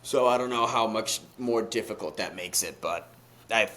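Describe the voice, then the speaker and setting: A young man co-hosting a podcast in casual chat, excitable and swearing freely, rambling through restarts. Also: on the low side, normal speed. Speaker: podcast co-host.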